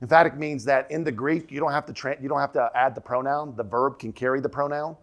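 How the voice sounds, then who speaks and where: A man's voice: medium pitch, fairly even intonation. Emphatic male pastor preaching. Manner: emphatic, repeats key lines, slows and drops to near whisper for quoted question. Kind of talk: sermon. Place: church sanctuary.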